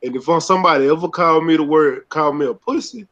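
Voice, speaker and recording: A man's voice: on the high side, a little fast, fairly bright tone, muffled recording. A man from Texas with a Texan accent, talking in emphatic, laughing casual banter on a podcast. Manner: emphatic, laughing, swears freely.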